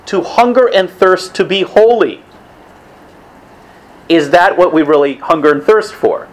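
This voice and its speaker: A man's voice: sits high, expressive, unhurried, rough recording. A man giving a conversational religious talk to a weekly evening group, casual in tone, with restarts and asides.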